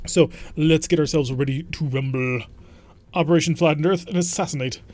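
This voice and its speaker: A man's voice: fairly high pitch, a little fast, a little mellow. A man hosting a let's play, chatting casually and thinking aloud as he plays a strategy game. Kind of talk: casual gameplay commentary.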